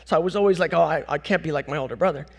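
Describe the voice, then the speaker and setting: Middle-aged canadian guy on stage, pretty high voice, tells funny stories and does the voices of people he quotes. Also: rapid-fire, gravelly. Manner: animated, acts out quotes with big jumps in pitch. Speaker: conference speaker. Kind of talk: storytelling talk on stage.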